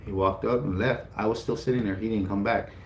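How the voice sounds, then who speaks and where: A man's voice: fairly low pitch, fairly even intonation, fairly quick. A man co-hosting a casual chat, telling a story animatedly, acting out the voices of others and swearing freely. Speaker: co-host. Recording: roomy with faint background noise.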